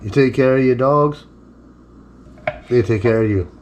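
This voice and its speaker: A man's voice: medium pitch, unhurried, darkish tone, lo-fi sound. A man with an ordinary mid-range voice talks his way through a home cooking video in a loose, chatty manner. He stops now and then to talk to his dog, and a faint hiss sits under his voice. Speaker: cooking vlogger. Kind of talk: casual cooking demonstration. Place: home kitchen.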